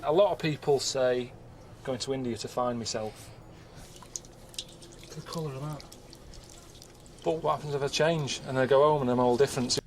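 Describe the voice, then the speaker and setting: A man, presenting a travel documentary on location in a deadpan, weary, grumbling way. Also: medium pitch, moderate pace, pauses often, a little hiss or hum.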